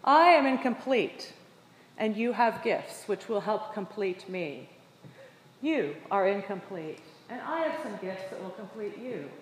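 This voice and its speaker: A woman's voice: medium pitch, lively intonation, measured pace. Woman preaching in an echoey hall. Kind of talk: sermon with personal anecdote. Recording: echoey hall with long reverb.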